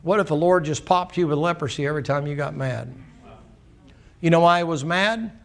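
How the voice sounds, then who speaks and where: A man's voice: a little high, fairly quick, vocal fry. A man preaching a sermon in a church, folksy and plainspoken, acting out the dialogue of the people in his story. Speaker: pastor. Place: church sanctuary.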